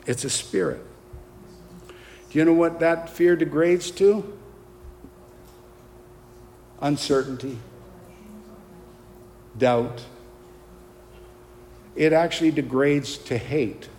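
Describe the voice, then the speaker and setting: A male pastor preaching with fervor and rising intensity, his voice sitting a little higher than most men's. The sermon rings out through a hall with a long, lingering reverb, with a faint hiss of background noise underneath. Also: slow, long pauses. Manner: impassioned, rising to forceful emphasis, call-and-response.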